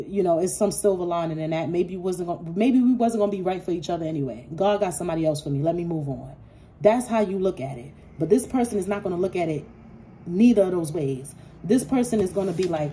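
A woman giving a casual tarot reading, blunt and profane, acting out imagined quarrels in an animated way. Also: on the low side, a little fast, a little hiss or hum. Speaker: tarot reader.

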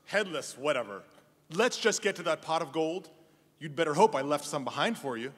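A man's voice: on the high side, animated, normal speed, fairly bright tone, husky. A man in a comic stage sketch, snippy and competitive. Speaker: sketch performer as Themer. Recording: live stage mic in a hall.

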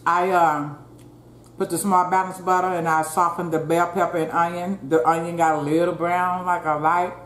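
A woman's voice: on the low side, level tone, moderate pace. Brief: folksy woman mukbang host, chats and hums between bites, echoey room, faint background hum. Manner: chatty, folksy, addresses viewers as y'all; murmurs while chewing. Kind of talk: casual eating chat. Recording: roomy echo, faint ambience.

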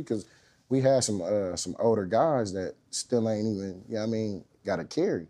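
A man in his thirties telling a story as a guest, relaxed and slangy, swearing freely and often asking "you know what I mean". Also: lowish voice, normal speed. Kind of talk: casual storytelling.

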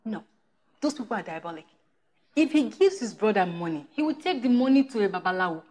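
An actress playing a scheming friend with a Nigerian accent who gives conspiratorial advice. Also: female voice, mid-range voice, big pitch swings, fairly quick, darkish tone. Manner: conspiratorial, insinuating. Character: scheming gossip friend giving bad advice.

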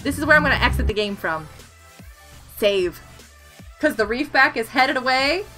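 A woman live streaming a game, excitable and chatty, laughing and yelling at what happens on screen. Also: high voice, normal speed, faint music behind.

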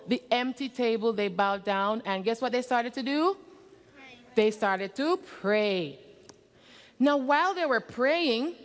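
A woman telling a story to children during a church service, animated and often quizzing the kids. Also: fairly high pitch. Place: church sanctuary. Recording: reverberant church hall.

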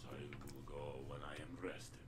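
An actor voicing a weary, solemn male video game character who speaks in a low, subdued way. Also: fairly even intonation, moderate pace. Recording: game audio with loud background noise.

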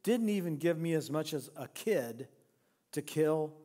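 A resentful older son protests with indignation, as a pastor acts him out. The voice is a little high for a man and rings in a long, echoing church reverb. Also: animated, unhurried, mellow. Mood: indignant.

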